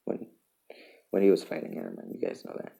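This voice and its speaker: A man hosting a casual solo podcast, reading memes aloud in a halting way with chuckles and restarts. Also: rumbling low, very animated, creaky, dark tone. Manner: halting, self-interrupting, chuckles between lines. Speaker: podcast host.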